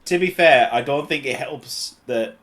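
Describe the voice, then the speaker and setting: A man's voice: mid-range voice, a bit bright. A middle-aged man from Cumbria with a Cumbrian English accent, co-hosting a casual podcast chat and laughing often as he talks. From Cumbria, England. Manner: chatty, laughs often, quick bursts. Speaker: podcast co-host.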